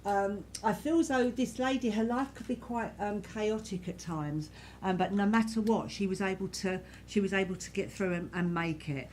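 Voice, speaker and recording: A woman leading a church service as a medium, addressing people in the congregation with a gentle, reassuring manner. Her voice sits at a middle pitch and she often circles back with soft repeats and fillers. A faint hum of noise lies behind her. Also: moderate pace. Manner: gentle, reassuring, repetitive, many "you know"s. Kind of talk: giving spirit messages to a congregation.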